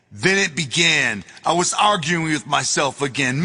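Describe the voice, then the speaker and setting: Man narrating his own memoir, loose and cussing, piercingly bright tone, faint music under a roomy echo. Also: sits high, animated, a little slow, few pauses. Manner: casual, profane, storytelling, bursts into shouting. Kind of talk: audiobook memoir reading.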